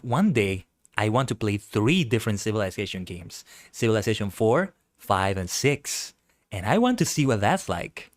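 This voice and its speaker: A man streaming a game, chatting casually, playful and punning and laughing often. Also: mid-range voice. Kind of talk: casual gaming commentary.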